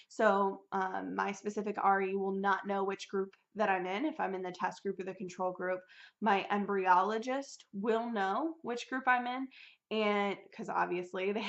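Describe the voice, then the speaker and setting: A young woman talks straight to her viewers in a casual, heated rant. Her voice has a gravelly, fry-edged texture, and the recording is dull and lo-fi. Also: medium pitch, fairly bright tone. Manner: ranting, heated retelling. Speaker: vlogger sharing her fertility journey. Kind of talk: casual chat to camera.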